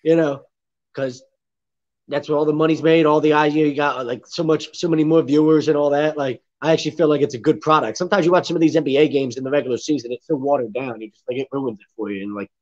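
A man's voice: fairly high pitch, fairly even intonation, fast. Blunt, rambling man on a dull line. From Florida. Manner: blunt, rambling, filler-heavy. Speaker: sports podcast co-host. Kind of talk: casual sports chat. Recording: dull lo-fi sound.

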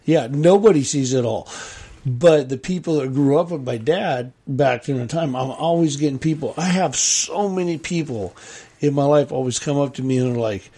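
A man's voice: mid-range voice, moderate pace, warm tone, husky. A middle-aged man chatting casually as a podcast co-host, rambling through stories and acting out what others said. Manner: rambling, repeats himself, quotes others. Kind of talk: casual chat, storytelling.

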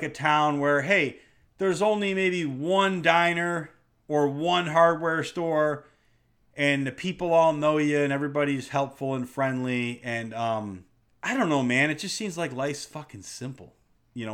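A man's voice: fairly high pitch, fairly bright tone. A middle-aged man hosting a podcast, ranting bluntly and swearing a lot in an exasperated way. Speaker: podcast host. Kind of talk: casual profane rant.

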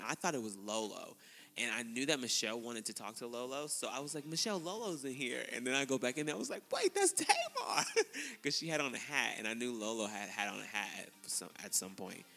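A man co-hosting a podcast, telling a story in casual chat, laughing often and acting out quotes in a high voice. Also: a little fast, creaky, sharp tone, in a large hall. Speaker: podcast co-host.

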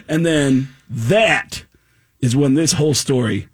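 A man, a comedian, telling a comic story on a radio show and acting out other people's voices with gasps and shouts. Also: medium pitch, slow, husky. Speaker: stand-up comedian guest.

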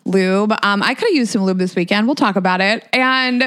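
A woman's voice: mid-range voice, normal speed, a bit bright, smooth. A woman with a slight lisp, co-hosting a podcast in casual, gushing, self-deprecating chat. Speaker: podcast co-host.

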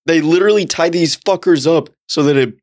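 A man co-hosting a casual podcast chat, telling rambling, profane stories and jumping to high, excited exclamations. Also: a little fast. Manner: profane, rambling storyteller with big excited pitch jumps.

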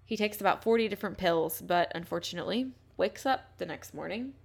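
Gravelly-voiced woman telling a crime story. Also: fairly low pitch, expressive, fairly quick. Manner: blunt and swears often, reads quotes aloud. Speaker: podcast host. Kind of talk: casual true-crime storytelling.

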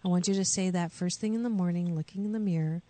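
A woman hosting a radio call-in show, coaching callers with slow, soothing affirmations. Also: on the low side, mellow, dry recording. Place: radio studio.

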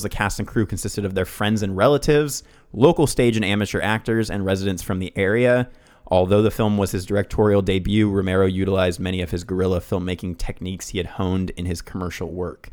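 A man co-hosting a casual podcast, reading film facts and riffing on them with loose, rambling asides. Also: sits low. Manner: rambling, reads facts then riffs, swears. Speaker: podcast co-host.

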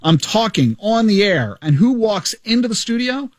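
A man hosts a radio show with a bright, high voice that leaps up and down as he tells his stories. The studio sound is dry and close, and he jokes his way through each anecdote. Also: normal speed, no room sound. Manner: animated, joking storyteller. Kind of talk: radio show retrospective monologue. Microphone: studio microphone.

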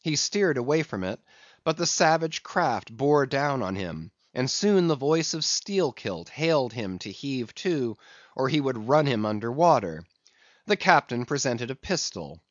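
Male audiobook narrator, plain steady reading, dry muffled recording. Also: medium pitch, unhurried, no echo. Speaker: audiobook reader. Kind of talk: scripted narration.

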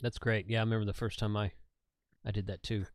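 A man hosting a livestream, talking casually in a relaxed way and laughing often. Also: on the low side, fast talker, dry recording, clean studio sound. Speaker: livestream host.

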